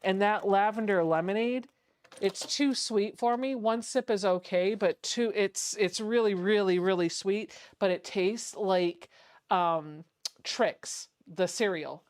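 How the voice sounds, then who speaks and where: A woman's voice: medium pitch, takes it slowly, darkish tone, smooth, dry recording. Woman chatting while she sews, self-mocking, dry room. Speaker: sewing vlogger. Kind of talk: casual chat while sewing.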